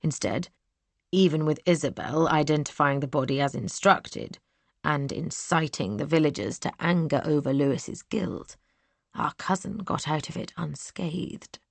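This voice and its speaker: A woman voicing a cool, scheming young man who sneers and sometimes drops to a hush. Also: deep voice, unhurried, vocal fry, no room sound, heavily acted. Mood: coolly boastful. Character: cold scheming young man, villainous brother.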